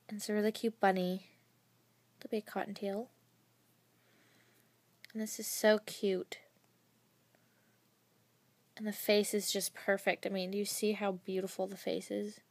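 A young woman vlogger gushing and rambling excitedly as she unboxes gifts. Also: medium pitch, dry recording. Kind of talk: casual unboxing chat.

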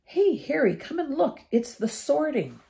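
An older woman voicing a panicky, gloomy young wizard boy with high, drawn-out exclamations. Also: sing-song, vocal fry, mellow, full character voice. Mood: eager.

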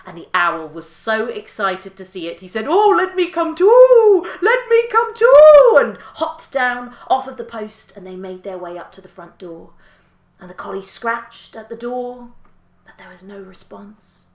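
A woman storyteller telling a folk tale in a lilting, expressive way. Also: mid-range voice, a little slow, reverberant.

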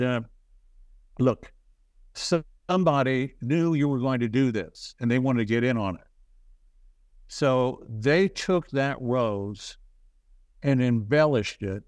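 Halting, self-deprecating storytelling man. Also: medium pitch, darkish tone, dry recording. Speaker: interview guest. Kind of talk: casual storytelling.

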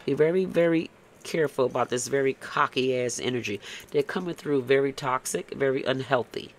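A man's voice: mid-range voice, normal speed, gravelly. A man giving a casual, blunt tarot reading, tagging "okay?" onto his points and cursing freely. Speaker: tarot reader.

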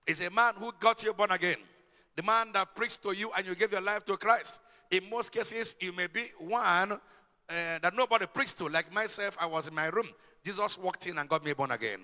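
Emphatic preacher in a reverberant hall. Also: male voice, sits high, bright, forceful tone. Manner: emphatic preaching with rhetorical questions to the congregation. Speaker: pastor. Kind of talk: sermon.

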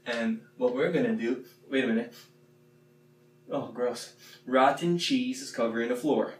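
A man leading a playful classroom warm-up, chanting the words slowly and loudly. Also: mid-range voice. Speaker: teacher leading a movement warm-up. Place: x-ray room. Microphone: phone camera from a distance. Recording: echoey room, mic far off, faint hum.

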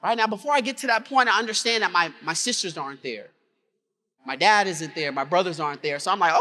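In a large conference hall with a reverberant sound, a keynote speaker delivers a motivational talk in a fast, fairly high, pushed and bright voice. He tells his story dramatically and leads the audience in call-and-response.

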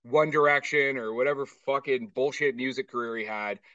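A man's voice: medium pitch, normal speed, dry recording, recorded from a distance, dull audio. A man co-hosting a podcast, chatting casually and profanely while reviewing a movie. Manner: profane, ranting, animated. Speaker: podcast co-host.

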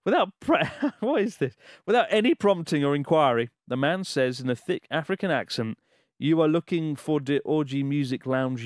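A man's voice: fairly high pitch, dry recording, studio quality. A man co-hosting a podcast, reading a listener's letter aloud in a casual way, laughing and swearing in disbelief as he goes. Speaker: podcast co-host.

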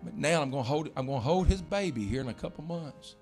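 A man's voice: a little high, expressive, quick pace, darkish tone, soft background music. A male pastor, preaching a sermon in a church with folksy storytelling. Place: church sanctuary.

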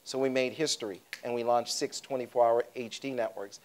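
A man's voice: mid-range voice, brisk. A man from Detroit, a media company boss, tells stories in an onstage fireside chat, acting out the dialogue and chuckling. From Detroit, USA. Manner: animated, acts out dialogue, chuckles often. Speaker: media company CEO, interview guest. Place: conference stage before an audience.

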